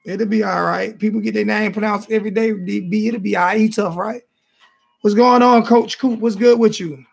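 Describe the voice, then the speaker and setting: Southern guy running a call-in show, kinda high raspy voice, keeps repeating himself. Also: fairly even intonation, normal speed. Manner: loose, repetitive, stumbling restarts. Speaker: host of a fan call-in show. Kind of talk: casual call-in chat.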